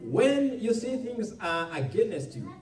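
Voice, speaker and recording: Slow, lively-pitched preaching man. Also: reverberant, recorded from a distance. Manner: slow, emphatic preaching with repeated hallelujahs. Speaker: pastor. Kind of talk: sermon.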